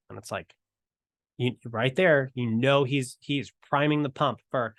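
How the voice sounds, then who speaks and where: A man gives a relaxed teaching talk, slipping into quick acted-out lines of dialogue. His voice sits in a middle pitch. The sound is dry and close, with no room echo. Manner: conversational, acts out dialogue in quick asides. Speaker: evangelism teacher. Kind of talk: casual teaching talk to camera.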